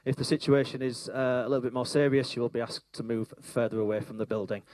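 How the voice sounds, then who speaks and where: A man's voice: mid-range voice, steady tone, quick pace, a little mellow, no room sound. A man giving a hesitant fire safety briefing at an event in a function room. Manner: hesitant, many fillers. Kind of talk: safety announcement.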